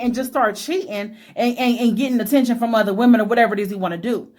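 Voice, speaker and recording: Woman, high voice; opinionated reality-TV recapper, casual and profane. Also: lively intonation, quick pace, hardly any pauses. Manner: blunt, opinionated, swears freely, many fillers.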